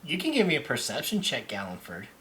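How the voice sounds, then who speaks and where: A young man narrating a tabletop game as game master in an animated, halting way. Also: medium pitch, slight background noise.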